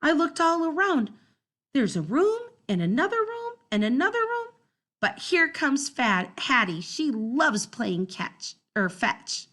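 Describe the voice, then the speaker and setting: A woman reads a children's storybook aloud in an unhurried, dramatic way. Her voice sits fairly high and rises and falls a great deal from line to line, and she lingers over the words. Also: wildly swooping pitch, a bit bright. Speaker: storybook narrator. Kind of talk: first-person storybook read-aloud.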